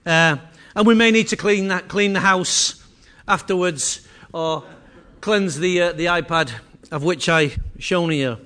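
A man's voice: high voice, measured pace, few pauses, pushed and bright. A man from Manchester with a Mancunian accent, giving a jokey, chatty presentation and teasing the people in the room. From Manchester, England. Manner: chatty, teasing, addresses audience directly. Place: meeting room with small audience.

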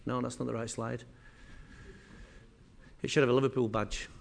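A man's voice: mid-range voice, level tone, normal speed, creaky. A man from Manchester with a Mancunian accent, giving a jokey, chatty presentation and teasing the people in the room. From Manchester, England. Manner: chatty, teasing, addresses audience directly. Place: meeting room with small audience.

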